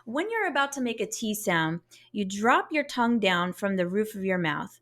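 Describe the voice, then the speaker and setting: A woman's voice: medium pitch, big pitch swings, normal speed, fairly bright tone. A woman teaching a beginner saxophone lesson, explaining patiently step by step and sounding out syllables to demonstrate.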